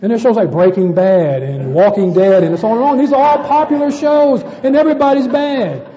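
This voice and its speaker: A man's voice: extremely high pitch, brisk, warm tone, big-room sound, highs cut off. A man preaching a sermon to a congregation, addressing them as brethren and often repeating words as he searches for the next.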